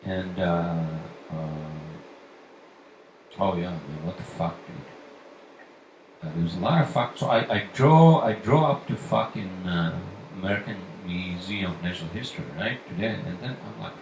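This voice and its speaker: A man hosting his own podcast in a loose, profane rant, his voice climbing high when he gets worked up. He sits back from the mic in a roomy, echoey space with a faint hiss underneath. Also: animated, measured pace. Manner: profane, ranting, rising to near-shouting. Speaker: podcast host. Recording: echoey room, far from mic, faint noise.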